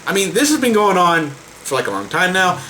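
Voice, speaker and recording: A man's voice: high voice, sing-song, moderate pace, sharp tone, a little hiss or hum, rough recording. A man vlogging a heated rant to camera. He swears a lot and trips over repeated words in exasperation.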